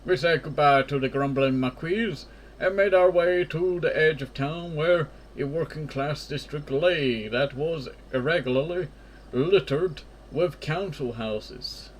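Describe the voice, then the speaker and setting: A man with a slightly higher voice reads a story game aloud at a slow, deliberate pace. He stumbles on words and corrects himself, and drops casual asides between passages. Faint background noise runs under his voice. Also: rough recording. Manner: slow reading with self-corrections and offhand asides. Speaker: gamer.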